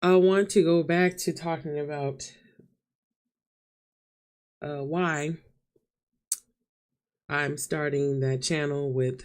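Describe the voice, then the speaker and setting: A woman's voice: low voice, steady tone, slow, long pauses, darkish tone. A young woman talking to camera in a vlog, crying and nervous, laughing through her tears. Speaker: vlogger. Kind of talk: emotional vlog confession.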